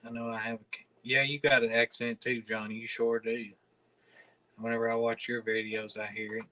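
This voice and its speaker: Man, Southern Alabama accent, drawling, mumbly, very bright tone. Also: medium pitch, flat delivery, normal speed, rough recording. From northern Alabama. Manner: drawling, mumbly and laid-back. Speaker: livestream host. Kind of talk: casual livestream chat.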